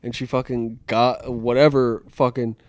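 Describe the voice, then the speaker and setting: A man's voice: medium pitch, flat delivery, a little slow, a little mellow, no echo. A young man co-hosting a casual podcast, telling a crude workplace story in a rambling way and laughing often. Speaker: podcast co-host. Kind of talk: casual chat.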